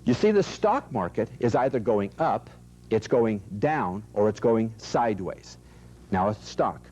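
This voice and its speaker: A man's voice: lowish voice, lively intonation, a little slow, a little mellow. A middle-aged man presenting an investment seminar, emphatic and repetitive, asking the audience rhetorical questions. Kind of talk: recorded seminar talk. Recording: dull lo-fi VHS audio.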